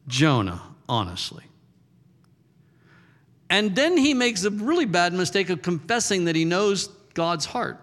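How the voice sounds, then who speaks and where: Animated pastor preaching in a hall. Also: male voice, sits high, unhurried, long pauses. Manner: conversational, animated storytelling. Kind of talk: sermon. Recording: long hall reverb.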